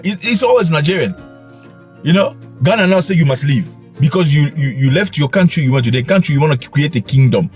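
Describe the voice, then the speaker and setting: A man's voice: fairly high pitch, expressive, quick pace, soft background music. A man hosting his own commentary channel, delivering an emphatic, scolding monologue full of rhetorical questions.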